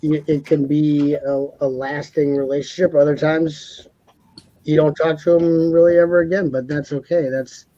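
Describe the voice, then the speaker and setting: A man's voice: a little high, level tone, moderate pace, warm tone, no room sound, muffled recording. A man co-hosting a casual live stream panel, talking in a rambling way, repeating words and laughing often.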